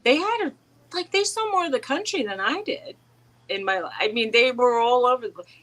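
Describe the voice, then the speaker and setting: A woman's voice: a little high, lively intonation, brisk, fairly bright tone, poor audio. Rambling middle-aged woman telling stories. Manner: rambling storyteller, laughs often, many restarts. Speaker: co-host. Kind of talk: casual chat.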